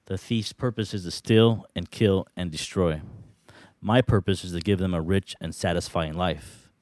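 A man's voice: low voice, normal speed, a little mellow, no echo. A man leading a Bible study, reading scripture passages aloud and asking the group questions. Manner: reads verses aloud, asks the group questions.

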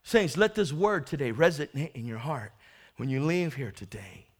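A man preaching a sermon to his congregation, swinging from hushed asides to loud, stretched-out shouts as he acts out the Bible story. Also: mid-range voice, animated, moderate pace, slightly rough.

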